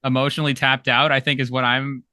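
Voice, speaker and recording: A man's voice: medium pitch, sharp tone, dry recording, clean studio sound. A man hosting a podcast in casual chat, joking and laughing between remarks. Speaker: podcast host.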